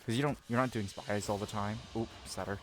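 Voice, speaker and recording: A man swearing and rambling casually as he streams a video game, reacting loudly to what happens on screen. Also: lowish voice, fairly even intonation, brisk, music in the background. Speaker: gaming streamer. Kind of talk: casual gameplay commentary.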